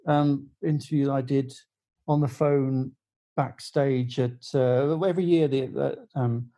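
Middle-aged male guest, music journalist, warm low-key tone, chatty rambling anecdotes. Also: steady tone, unhurried, rough recording. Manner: rambling storyteller with many fillers and restarts. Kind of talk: casual podcast anecdote.

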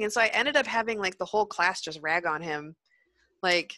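A woman's voice: mid-range voice, fairly quick, pushed and bright, no room sound. A young adult woman, a former prison teacher, telling blunt, profane stories in a casual podcast chat.

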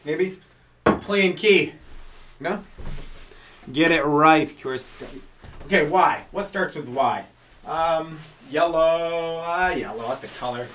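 A man's voice: fairly high pitch, slow pace, pauses often, a bit bright, far from the mic, slight background noise. A man doing a loose, rambling stand-up monologue as a comedy podcast host, full of fillers and asides. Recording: echoey room, voice off the mic.

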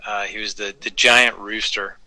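A man in his forties chatting casually as a podcast guest, self-deprecating and quick to laugh. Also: on the low side, little pitch movement, bright, forceful tone, rough recording. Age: 40s. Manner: self-deprecating, laughs often, breaks into playful voices. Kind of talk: casual interview chat.

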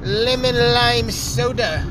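A man's voice: very high voice, slow pace, heavy background noise. A young man hosting a podcast while driving his truck, chatting loosely with lots of profanity. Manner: loose, profane, laid-back banter. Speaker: podcast host. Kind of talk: casual talk while driving. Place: inside a truck on the road. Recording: loud music behind the voice. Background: loud music playing.

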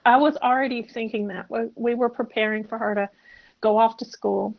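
A woman in her sixties from South Carolina, a podcast guest telling a personal story in a soft, halting, reflective way. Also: on the high side, steady tone, creaky. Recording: muffled lo-fi audio.

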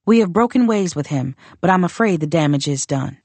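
A woman voicing a proud northern warrior queen who speaks in a measured, formal and quietly contemptuous way. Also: fairly low pitch, expressive, no room sound. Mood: cold, demanding. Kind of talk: audiobook character reading.

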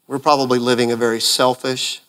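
A male pastor preaching a sermon in an animated way, full of rhetorical questions. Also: mid-range voice, fairly quick, clean tone.

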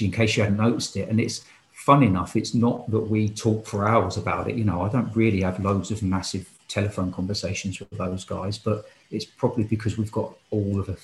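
A rather low-voiced man speaks as a guest on a casual podcast. He talks earnestly and with feeling, thinking aloud. The recording has a roomy echo with faint background noise. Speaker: football and futsal coach.

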